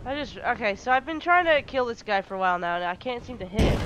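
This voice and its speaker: A woman's voice: on the high side, animated, fast talker, a bit bright. Exasperated, swearing woman gamer. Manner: swearing, exasperated, talking to the game. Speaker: gameplay commentator. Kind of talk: let's play commentary. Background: game music.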